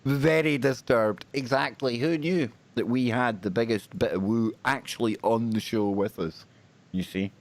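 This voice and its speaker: A man's voice: medium pitch, normal speed. Chatty male talk host. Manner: chatty, jokey, energetic banter. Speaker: radio and stream host. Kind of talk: casual paranormal talk show.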